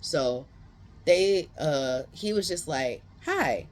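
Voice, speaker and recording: A book reviewer giving a casual, animated retelling of a novel's plot, full of slangy asides to viewers. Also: mid-range voice, unhurried. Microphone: close.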